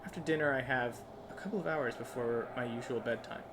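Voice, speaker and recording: A man's voice: medium pitch, brisk. A man reading a solo tabletop adventure aloud and role-playing his character, hesitant and self-amused, often restarting his sentences. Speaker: solo tabletop game player. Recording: noisy home recording.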